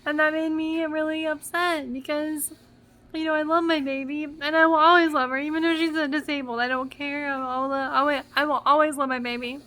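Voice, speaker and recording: A woman's voice: high voice, little pitch movement, a little fast, sharp tone. A young mother vlogging casually, rambling with many fillers, emotional and close to tears. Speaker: vlogger mom. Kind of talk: casual vlog talk.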